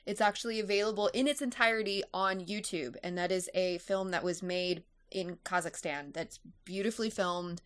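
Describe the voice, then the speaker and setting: A woman's voice: on the low side, moderate pace, few pauses. A woman giving her earnest, opinionated take in a casual movie review chat.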